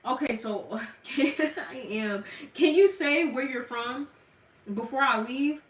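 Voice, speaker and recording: A woman's voice: high voice, slow pace. A young woman from the Gulf Coast with a Southern accent, livestreaming and chatting bluntly with her viewers, laughing often. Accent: Southern American. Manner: blunt, laughing, slangy, talks to chat. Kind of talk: casual livestream chat. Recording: echoey room, mic at a distance.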